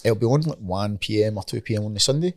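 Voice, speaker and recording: A Scottish man in his late thirties rattles along at a rapid clip. His talk is casual and peppered with swearing and "you know what I mean". The sound is close and dry, with no room in it. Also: on the low side, expressive, a little mellow, no echo. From Scotland. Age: 30s. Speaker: MMA fighter guest. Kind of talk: casual podcast chat.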